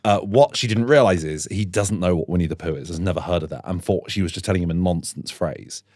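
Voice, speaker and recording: A man's voice: low-pitched, quick pace, no echo, clean studio sound. A man co-hosting a podcast in casual comedic chat. He tells stories with lots of laughter and acts out the voices of the people in them. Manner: laughs often, animated storyteller. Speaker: podcast co-host.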